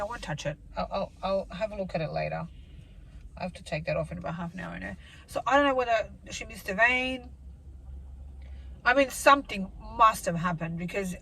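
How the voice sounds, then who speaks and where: A woman's voice: mid-range voice, gravelly, a bit bright, poor audio. Chatty woman vlogger, emotional rambling. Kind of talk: casual talking-to-camera update.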